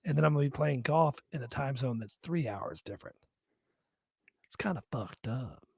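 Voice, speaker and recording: A man's voice: mid-range voice, expressive, normal speed, creaky, darkish tone, slightly rough, no room sound, clean studio sound. A man co-hosting a live podcast, chatting casually and joking with plenty of swearing. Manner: profane, rambling, joking. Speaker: podcast co-host.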